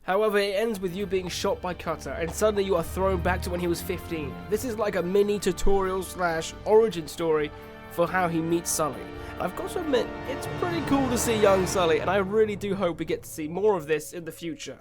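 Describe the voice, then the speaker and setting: High-voiced excitable male game reviewer. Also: brisk, music in the background. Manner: excitable, animated reactions.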